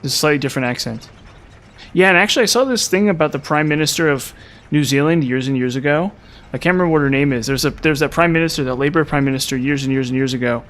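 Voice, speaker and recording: A man's voice: a little high, fast talker, a bit bright. A man with a mild Utah accent, chatting casually with viewers on a live stream. He rambles, repeats words and uses many fillers. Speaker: gaming streamer.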